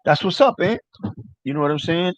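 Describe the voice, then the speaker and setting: A man's voice: on the high side, lively intonation, a little fast, no room sound. A man hosting a casual livestream chat, rambling loosely and swearing often while answering viewers. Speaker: livestream host. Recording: dry, dull lo-fi mic.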